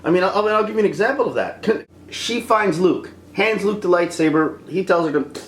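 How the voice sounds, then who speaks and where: A film reviewer ranting in an exasperated, animated way, acting out scenes as they go. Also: mid-range voice, a little fast, reverberant, a little hiss or hum.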